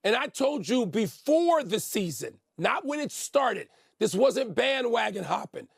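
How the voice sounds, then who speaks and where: Male sports co-host, very high pitch, emphatic and stubborn, bone-dry studio sound. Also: sing-song, measured pace, creaky, husky, dry recording. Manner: emphatic, insistent, talks over his partner. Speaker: sports talk show co-host. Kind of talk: sports debate show.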